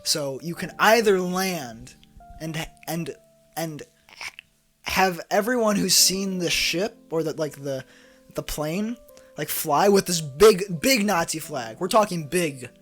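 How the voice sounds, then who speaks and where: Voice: medium pitch, expressive, takes it slowly, a bit bright, soft background music. A podcast co-host spinning an improvised comic scenario, rambling with many fillers and frequent giggles. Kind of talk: improvised comedic storytelling.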